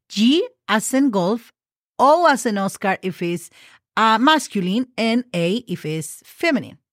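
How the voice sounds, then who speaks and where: A woman's voice: fairly high pitch, dry recording, studio quality. A woman teaching a casual Spanish lesson, patiently spelling words letter by letter with example words and asking the listener questions.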